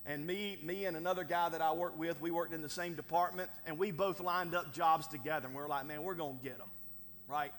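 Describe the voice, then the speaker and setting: A high-pitched male pastor delivers a sermon in an easygoing, conversational way, tossing in "right?" and little chuckles between points. His voice rings out with a long reverb, as if in a large church hall. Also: steady tone, a little fast, hardly any pauses, a bit bright. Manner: conversational preaching with frequent "right?" asides and chuckles.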